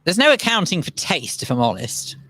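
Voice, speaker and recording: A man's voice: a little high, huge pitch swings, brisk, bright, forceful tone, husky, no room sound. A man co-hosting a casual radio chat show, wry and conversational.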